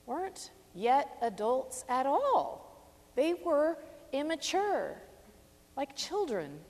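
A woman preaching a reflective sermon, measured and stressing key phrases. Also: on the high side. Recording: long reverb of a large hall.

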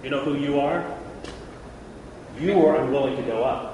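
A man preaching a lively Bible lesson, who jokes with the room and calls out listeners by name. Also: medium pitch, moderate pace. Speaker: preacher teaching a Bible class. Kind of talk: lively sermon. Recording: echoey hall from far off, faint noise.

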